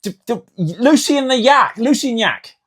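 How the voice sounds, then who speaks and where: A man, chatting casually as co-host, joking and teasing with quick interjections. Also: very high-pitched, lively intonation, a bit bright, breathy edge. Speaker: co-host, business partner. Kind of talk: casual chat.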